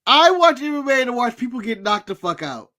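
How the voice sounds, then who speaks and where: A man's voice: extremely high pitch, very animated, fairly quick, bright, forceful tone. An American man co-hosting a wrestling podcast, chatting casually with blunt, crude jokes. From United States. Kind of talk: casual chat.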